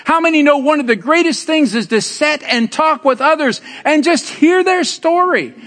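An older man, a pastor, preaching a sermon with lively storytelling, teasing his congregation and building to emphatic exclamations. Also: extremely high pitch, moderate pace. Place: church sanctuary. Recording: long hall reverb.

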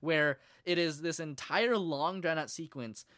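A woman in casual chat, retelling an anime episode in a lively, mocking way and acting out bits in silly voices. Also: sits low, a little slow, dry recording, studio quality. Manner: animated retelling, acts out scenes in silly voices. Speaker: podcast co-host reviewing anime.

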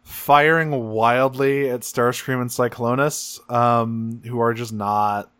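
A man's voice: mid-range voice, fairly even intonation, takes it slowly, a bit bright, clean tone, no room sound. Casual man recapping, dry sound. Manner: loose and profane, with frequent fillers. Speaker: podcast co-host.

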